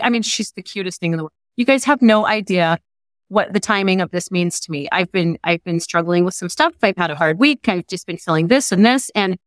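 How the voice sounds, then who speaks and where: A woman's voice: mid-range voice, fast talker, no room sound, studio quality. A woman guest telling stories in a casual interview, gushing and chatty. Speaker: guest, nonprofit co-founder.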